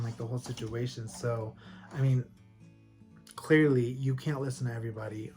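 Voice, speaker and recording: A man talking casually at home as a plant-collector vlogger, rambling and animated, with frequent laughs. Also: medium pitch. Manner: rambling and animated, laughs often, lots of fillers. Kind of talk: casual chatty storytelling. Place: at home with houseplants.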